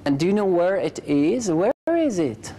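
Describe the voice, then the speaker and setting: A woman's voice: on the low side, big pitch swings, unhurried, warm tone, slight background noise. A woman teaching English conversation in class, patiently correcting and repeating her students' sentences.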